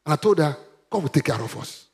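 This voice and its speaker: A man's voice: on the high side, big pitch swings, fast. A man preaching a sermon, emphatic and calling on the congregation to repeat after him. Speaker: pastor.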